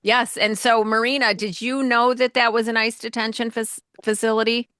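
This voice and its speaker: A woman from Chicago co-hosts a talk podcast, asking a guest questions and filling in background for listeners. Her voice is bright and crisp, and the sound is dry and close. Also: fairly high pitch, level tone, normal speed, no room sound. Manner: asks guiding questions, gives background. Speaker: podcast co-host. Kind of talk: interview conversation.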